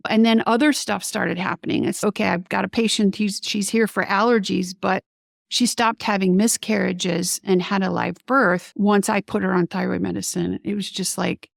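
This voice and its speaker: Animated woman with a gravelly edge. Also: mid-range voice, moderate pace, no echo, studio quality. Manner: animated, acts out quoted remarks. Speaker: guest ENT doctor. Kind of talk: conversational interview storytelling.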